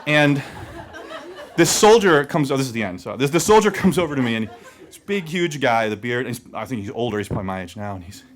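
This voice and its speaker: A man telling a personal story live to an audience, animated, laughing as he talks and leaning on casual fillers. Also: medium pitch, fast talker.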